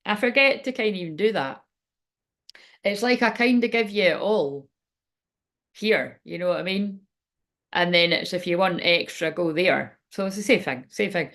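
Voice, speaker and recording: A woman's voice: on the low side, moderate pace, a bit bright. A woman speaking as a spiritual reader in a rambling, frank livestream chat, swearing now and then.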